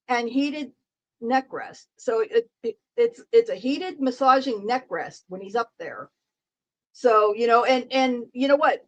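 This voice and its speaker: A woman with a high voice chats casually through a live stream. She rambles, repeats her words and jokes with her viewers in the chat. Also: low-quality recording. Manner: rambling, repeats herself, joking and talking to chat.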